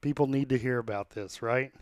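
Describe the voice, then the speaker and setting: A man's voice: medium pitch, moderate pace, no room sound, clean studio sound. A man hosting a podcast, reading sponsor spots and chatting in an upbeat, rallying way. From United States. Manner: upbeat, rallying, plainspoken with fillers. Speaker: podcast host. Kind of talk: sponsor reads and casual interview.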